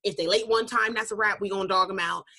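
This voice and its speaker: A woman, co-hosting a casual podcast chat, blunt and animated. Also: medium pitch, fast talker. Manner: blunt, animated, quotes people in voices.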